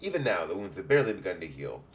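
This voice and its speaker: A man's voice: low-pitched, very animated, rapid-fire, a little hiss or hum. A man voicing a stately, motherly woman who heads an adventurers' guild, in a put-on English accent and grand, old-fashioned speech while reading game dialogue aloud.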